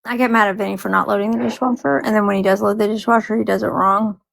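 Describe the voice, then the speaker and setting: A woman's voice: mid-range voice, steady tone, quick pace, vocal fry, a bit bright, low-quality recording. A woman co-hosting a live stream, chatting casually and frankly teasing about her partner's chores. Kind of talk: casual chat.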